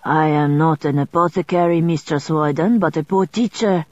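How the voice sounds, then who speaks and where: A woman's voice: low voice, normal speed, a little mellow, no echo. A woman reading the part of a kindly, middle-aged male French scrivener with a French accent, in a slightly muffled recording. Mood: polite.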